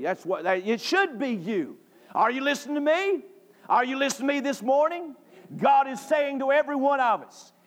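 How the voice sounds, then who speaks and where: A man from North Carolina, preaching a sermon emphatically, repeating phrases and rising to shouts. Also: very high-pitched. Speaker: pastor. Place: church sanctuary.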